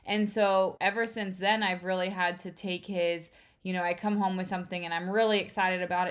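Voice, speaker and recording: A woman's voice: lowish voice, moderate pace. A woman co-hosting a relationship podcast, chatting casually and expressively, often quoting herself and her husband. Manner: expressive, quotes herself with rising excitement. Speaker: podcast co-host. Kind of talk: casual conversation about relationships.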